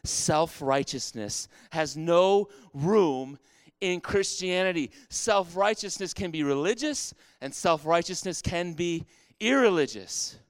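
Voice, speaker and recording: A man preaching a sermon, talking to his congregation in a conversational way and circling back to repeat key phrases. His voice is clear and resonant, and it sounds close and dry, with no room echo. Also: on the high side, lively intonation, slow. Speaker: pastor.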